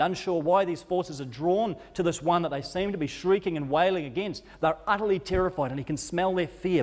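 A man's voice: a little high, fairly quick, darkish tone, big-room sound. A male preacher telling a story as a sermon, vivid and dramatic, rising and falling in intensity with occasional stumbles. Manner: vivid retelling that rises and falls in intensity, with stumbles.

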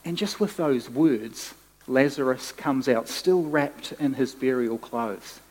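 A man preaching a sermon as pastor, animated and conversational, often restarting his phrases. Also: mid-range voice, takes it slowly, in a large hall.

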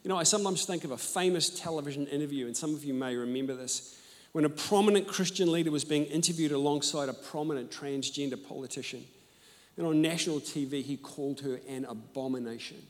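A man preaching a sermon and telling personal stories, animated and emphatic, moving between loud and hushed. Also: on the high side, fast. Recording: echoey hall.

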